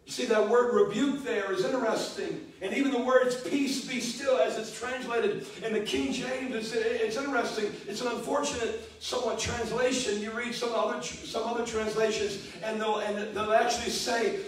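A man's voice: extremely high pitch, steady tone, normal speed, hardly any pauses. A man preaching a sermon as pastor, speaking emphatically and repeating key words. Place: church sanctuary. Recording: echoey church, distant mic.

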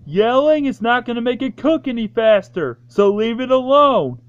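High-voiced man narrating a home comedy video. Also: expressive, moderate pace, few pauses. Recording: dull lo-fi home recording.

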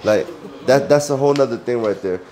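A man's voice: mid-range voice, brisk, mellow, slight background noise. A man casually vlogging around his home, talking loosely with stumbles and repeats, and giving his dog firm repeated commands. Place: at home, indoors.

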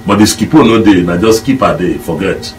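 Very low-voiced Nigerian Pidgin man, emphatic pundit, mic distant, faint noise. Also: a little fast. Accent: Nigerian Pidgin English. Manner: emphatic, lecturing. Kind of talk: studio discussion.

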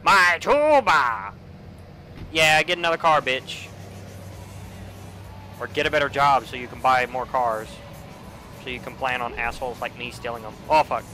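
A young man giving casual let's play commentary, with frequent profane, excitable outbursts. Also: medium pitch, moderate pace, long pauses, soft background music. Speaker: gamer.

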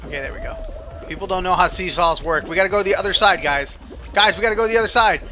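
Brief: animated gaming host, high bright voice, soft music underneath. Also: male voice, racing. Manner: animated, yelps and laughs at mishaps. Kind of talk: excited gameplay commentary.

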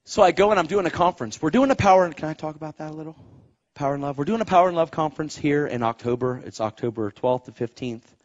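A man preaching and telling a testimony story, animated, acting out the voices of people in his story and rising to shouts as he exhorts. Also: fairly high pitch, fast, highs cut off. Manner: animated, acts out quoted voices. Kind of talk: sermon storytelling.

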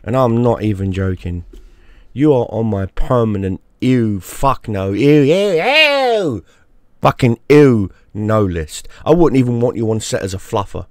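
A man's voice: lowish voice, moderate pace, dark tone, no room sound, studio quality. A man giving a crude, mocking rant straight to the camera, often repeating himself for emphasis. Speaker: YouTube gaming creator. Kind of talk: profane ranting monologue.

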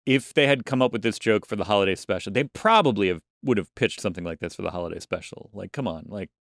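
A man's voice: lowish voice, quick pace, vocal fry, a bit bright, no echo, studio quality. A man co-hosting a podcast, chatting casually and rambling with many restarts. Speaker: podcast co-host. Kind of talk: casual chat.

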